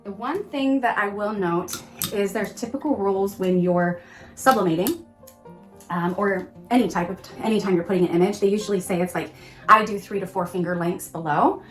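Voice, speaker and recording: A woman hosting a casual crafting tutorial, gushing and excitable, often exclaiming over her work. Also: mid-range voice, moderate pace, echoey room, faint music behind. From Pacific Northwest of the US. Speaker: crafting channel host.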